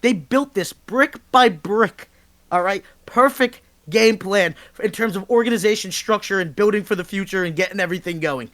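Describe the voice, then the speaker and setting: A man's voice: high-pitched, moderate pace. Fired-up man ranting about sports. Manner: passionate, emphatic, swearing, rising to shouts. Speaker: podcast co-host. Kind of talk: heated sports talk rant.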